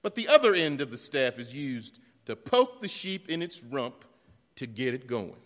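A man preaches from the pulpit, his voice bright and ringing. He moves from homey storytelling into loud, emphatic repeated refrains, and a long reverb from the church sanctuary trails every phrase. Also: mid-range voice, very animated, moderate pace. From South Carolina. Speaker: pastor. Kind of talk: sermon.

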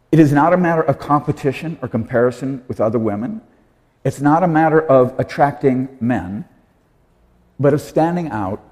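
A man preaching a sermon as pastor, earnest and measured, leaning on pauses for emphasis. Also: medium pitch, mellow, big-room sound. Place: church sanctuary.

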